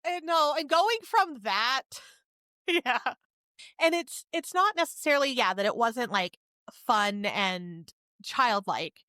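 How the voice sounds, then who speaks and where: A woman co-hosting a casual podcast, candid and chatty, often laughing and filling pauses with "like". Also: a little high, lively intonation, sharp tone, dry recording, studio quality. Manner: candid, frequent laughs, fillers like "like". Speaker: podcast co-host.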